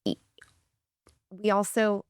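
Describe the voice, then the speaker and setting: A woman's voice: medium pitch, flat delivery, takes it slowly, clear, resonant tone, no room sound, studio quality. A woman co-hosting a podcast in casual, chatty conversation. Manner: chatty, laughs easily, many fillers. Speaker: podcast co-host. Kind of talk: casual chat.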